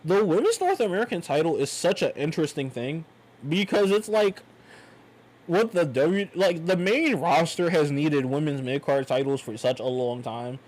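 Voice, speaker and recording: A young man giving a loose, slangy, rambling wrestling review, animated and casual. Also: fairly high pitch, moderate pace, rough recording.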